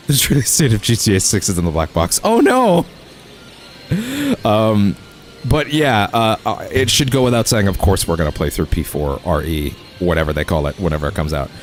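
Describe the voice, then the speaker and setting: A man hosting a let's play on a studio microphone, rambling casually with lots of fillers and self-corrections. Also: sits low. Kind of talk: casual gaming commentary. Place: home recording setup.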